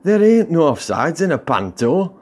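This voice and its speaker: A man's voice: on the high side, sing-song, moderate pace, darkish tone, slightly rough, pitched above the performer's own voice. A man voicing a patient male friend who chides and soothes his hot-headed mate. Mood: coaxing. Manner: soothing, chiding.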